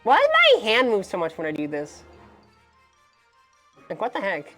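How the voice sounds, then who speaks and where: A woman streamer in casual chat with her viewers, playful and dramatic, dropping to whispers and then bursting out loud. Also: medium pitch, wildly swooping pitch, normal speed, faint music behind. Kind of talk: casual chat answering chat questions.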